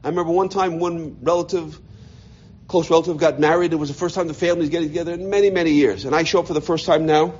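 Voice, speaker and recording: A man, a rabbi from the United States, telling his life story in an animated way, often repeating words as he goes. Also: a little high, quick pace, slightly rough, muffled recording. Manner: animated, repeats words, voices quoted people. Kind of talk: personal storytelling talk.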